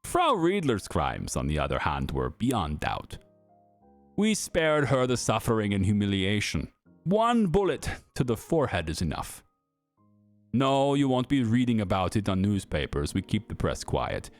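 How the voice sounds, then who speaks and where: A man voicing a cold, menacing German official with a put-on German accent, speaking slowly and smugly. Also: on the low side, huge pitch swings, faint music behind, heavily acted. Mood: coldly menacing. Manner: slow, drawn-out, smugly threatening.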